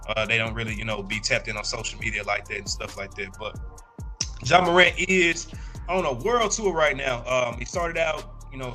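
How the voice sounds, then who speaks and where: A man's voice: mid-range voice, bright, forceful tone. A young man, co-hosting a casual sports podcast in a laid-back, drawling way. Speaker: podcast co-host.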